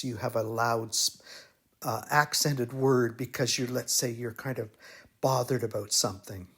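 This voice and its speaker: A man teaching melody writing in a slow, musing, think-aloud way, humming phrases as he explains. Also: mid-range voice, creaky, fairly bright tone, breathy edge. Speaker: music teacher. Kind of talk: thinking-aloud composition tutorial.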